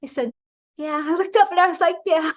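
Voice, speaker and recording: A woman in her sixties from Wisconsin, a guest telling an animated story in an interview and acting out the voices she quotes. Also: very high-pitched, very fast. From Wisconsin, USA. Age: 60s.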